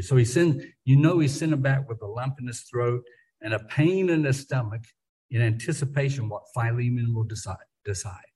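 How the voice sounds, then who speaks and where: Teaching an informal Bible study at a moderate pace, this man has a mid-range, husky voice with a slight roughness. His conversational delivery includes stumbles and repeated words while he thinks, plus firm stress on key words, and the recording quality is rough.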